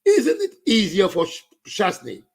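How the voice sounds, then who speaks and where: Saint lucian guy going off on politics, kinda high voice, rough and gravelly. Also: wildly swooping pitch, measured pace. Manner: ranting, switching into Creole and French. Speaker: political commentator. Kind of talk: impassioned political rant.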